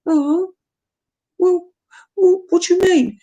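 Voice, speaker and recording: A man voicing a squeaky, timid male sidekick who politely interrupts with questions. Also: fairly even intonation, slow pace, warm tone, a little hiss or hum, full character voice. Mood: puzzled. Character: squeaky-voiced male sidekick called Socrates.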